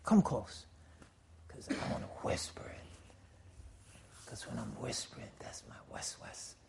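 A preacher voicing a sly male devil tempter in a hushed, coaxing whisper during a sermon. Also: a little high, sing-song, a little slow, heavy background noise.

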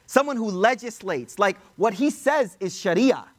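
Male preacher with a high voice, conversational storytelling sermon with Arabic quotations. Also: lively intonation, moderate pace. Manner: conversational, addresses audience as y'all, quotes Arabic.

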